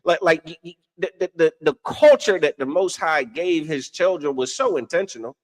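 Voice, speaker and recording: A man's voice: a little high, moderate pace. A man co-hosting a casual religious discussion, teaching in a preachy way, often asking "you understand?" and laughing at his own stories. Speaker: podcast co-host and religious teacher.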